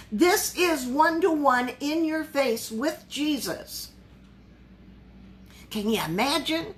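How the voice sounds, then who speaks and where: A woman's voice: sits high, a bit bright. A woman pastor leading a Bible study in a conversational way, often asking her listeners questions.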